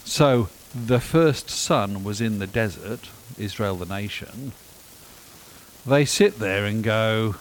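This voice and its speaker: A man delivering a sermon, animated and emphatic, with dry self-deprecating humor. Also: fairly low pitch, slow, rough recording. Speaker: preacher.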